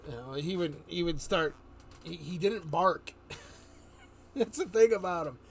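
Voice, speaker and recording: A man with a fairly high, expressive, creaky voice speaks slowly while streaming live. In casual chat he tells a rambling story, chuckling often and restarting sentences, with slight background noise.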